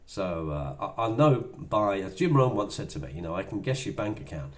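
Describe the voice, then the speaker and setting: A man's voice: fairly low pitch, very animated, normal speed. A middle-aged man giving a motivational sales talk in a chatty way, acting out little dialogues as he goes. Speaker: business trainer.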